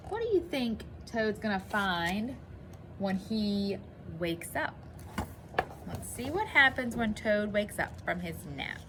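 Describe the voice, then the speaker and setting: A woman teacher giving a phonics lesson to children and reading a story aloud, clearly enunciating in an encouraging way. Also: mid-range voice, big pitch swings, takes it slowly, pushed and bright, slight background noise.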